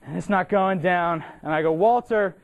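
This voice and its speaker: Young guy from massachusetts telling a funny story in a speech, lively, acts out voices, kinda high voice. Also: normal speed, gravelly, narrow, tinny audio. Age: young adult. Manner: animated, acts out the people in his story. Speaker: cadet giving a competition speech. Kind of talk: humorous personal storytelling speech.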